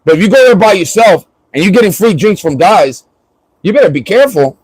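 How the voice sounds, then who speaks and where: A man's voice: high voice, expressive, a little fast, darkish tone, breathy edge, poor audio. A man from Florida chatting casually on a livestream, joking and rambling and laughing often.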